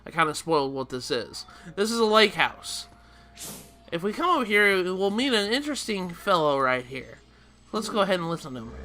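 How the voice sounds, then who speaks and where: A man's voice: high voice, very animated, normal speed, pushed and bright, faint music behind. A man hosting a video game let's play, explaining the game in a rambling, chuckling way with frequent restarts. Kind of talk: casual gameplay commentary.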